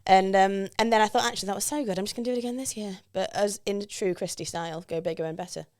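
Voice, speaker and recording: A woman's voice: medium pitch, fast talker. A woman in her late twenties co-hosting a podcast in casual chat, bubbly and laughing often. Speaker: podcast co-host, DJ.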